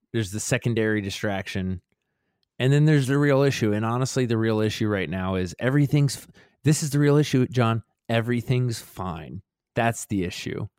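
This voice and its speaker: This podcast co-host has a smooth, darkish voice on the low side and a moderate pace, captured at studio quality without any room sound. His casual talk is rambling and self-reflective, full of false starts.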